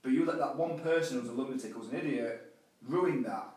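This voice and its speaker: A man's voice: medium pitch, fairly quick. A man with a Yorkshire accent, a coach speaking as a guest in a casual interview, telling stories with frequent restarts. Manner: lively storyteller with frequent restarts. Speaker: guest, life and business coach. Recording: roomy and distant mic.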